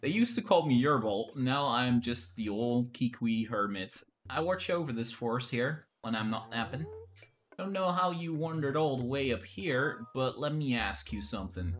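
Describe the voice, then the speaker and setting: A man's voice: medium pitch, lively intonation, normal speed, lightly acted. A man voicing an old, drowsy male tree-spirit hermit in a put-on old-man accent, rambling like a conspiratorial storyteller. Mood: folksy.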